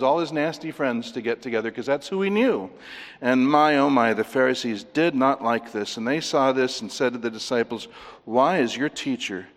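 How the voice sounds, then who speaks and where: A man's voice: mid-range voice, a bit bright. A man preaching an expository sermon, emphatic as he walks listeners through scripture references. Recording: long reverb of a large hall.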